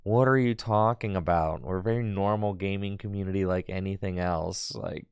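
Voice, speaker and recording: Male streamer, smooth clear voice, dry close sound, laid-back banter with chat. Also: low voice, fairly even intonation, moderate pace, darkish tone, no echo. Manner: chatty, talks back to viewers in chat. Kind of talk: casual live-stream chat while playing a card game.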